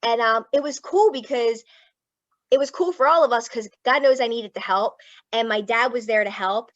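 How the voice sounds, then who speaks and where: A woman with a Philadelphia accent tells her family story in a frank, casual way, and her voice is on the higher side. She sounds close to the mic and dry, but dull, as over a video call. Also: normal speed, no echo. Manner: emotional, tearful at times, frank and casual. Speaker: guest speaker, clinical psychologist. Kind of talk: candid personal storytelling.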